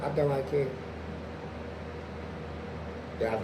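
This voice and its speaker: A man guesting on a podcast, telling profane prison stories in an animated way and jumping into loud acted-out quotes. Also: mid-range voice, a little fast. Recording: echoey room with background noise.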